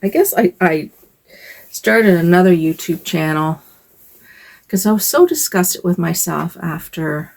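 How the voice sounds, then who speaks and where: A woman's voice: fairly low pitch, lively intonation, unhurried, vocal fry. An older woman vlogging from home in a rambling, hesitant casual chat, with sighs and fillers.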